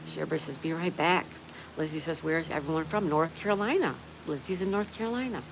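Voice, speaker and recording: This livestream host is a woman from Florida whose deep voice moves briskly as she reads live chat aloud and chats with viewers. Rain patters behind her, making the recording noisy.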